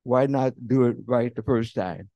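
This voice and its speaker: A man preaching a sermon as pastor, talking conversationally and swinging from loud bursts to hushed near-whispers. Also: medium pitch, unhurried, dry recording, lo-fi sound. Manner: conversational preaching with fillers and quoted voices.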